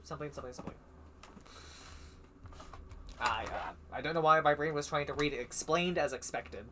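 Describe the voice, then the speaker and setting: A man's voice: on the high side, a little fast, pauses often, bright, forceful tone, a little hiss or hum. A man streaming a visual novel, reading every character's lines and the narration himself, stumbling now and then and adding his own asides.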